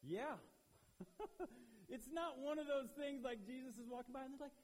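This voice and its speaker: A man preaching a youth sermon in an animated way, acting out the people he quotes, with a husky voice. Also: very high-pitched, normal speed. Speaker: youth pastor. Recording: long hall reverb.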